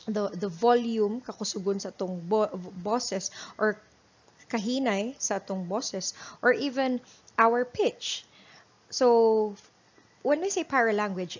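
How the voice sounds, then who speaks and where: A woman's voice: mid-range voice, lo-fi sound. A woman instructor with a Filipino accent giving a classroom lecture, explaining step by step and often checking in with her listeners. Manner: explanatory, repeats and restarts words, checks understanding with "right?".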